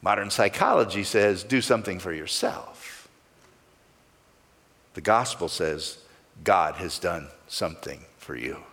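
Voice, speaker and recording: A man's voice: deep voice, unhurried, a bit bright, big-room sound. A male pastor preaching a sermon, stressing key words with sweeping rises and falls.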